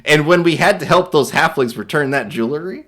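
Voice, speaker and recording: A young man streaming, casually reacting to viewer art and reading its captions aloud, laughing often and slipping into quick silly voices. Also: on the high side, lively intonation, fairly bright tone.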